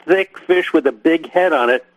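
A man's voice: fairly high pitch, normal speed, poor audio. A man hosting a fishing radio show, folksy and emphatic as he explains. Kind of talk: casual radio chat.

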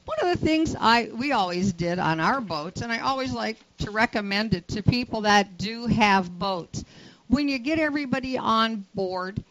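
A woman's voice: fairly high pitch, lively intonation, moderate pace, fairly bright tone, no echo, rough recording. A woman who teaches boating safety, a guest on a radio show, giving practical advice in a plain, matter-of-fact way. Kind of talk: radio interview.

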